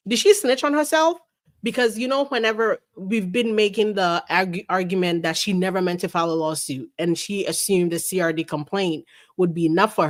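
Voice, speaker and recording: A woman hosting a casual livestream, chatting about a lawsuit and reading viewer messages aloud in an animated way. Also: on the low side. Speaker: livestream host.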